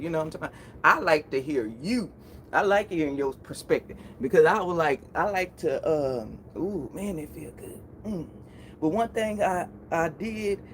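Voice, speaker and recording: A woman's voice: fairly low pitch, slight background noise. A woman in her forties hosting a casual live stream, chatting, laughing often and greeting viewers by name. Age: 40s.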